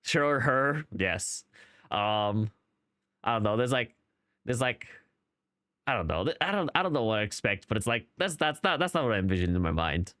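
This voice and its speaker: A man's voice: mid-range voice, sing-song, moderate pace, fairly bright tone, no echo. Rambling gaming streamer man, dry close mic. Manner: rambling, self-questioning, lots of restarts. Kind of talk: casual game commentary.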